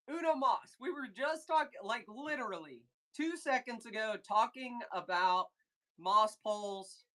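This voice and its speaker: Bright, slow-talking livestream host woman. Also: mid-range voice. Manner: excitable, chatty, reads chat aloud. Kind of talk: casual livestream chat with viewers.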